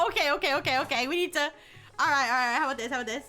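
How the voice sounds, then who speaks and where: A woman streamer chats in an excitable, giggly way, her high voice leaping around as she talks. Her tone is bright and sharp, with faint music playing behind her. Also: fast. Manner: giggly, excitable, restless restarts. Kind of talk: casual live stream chat.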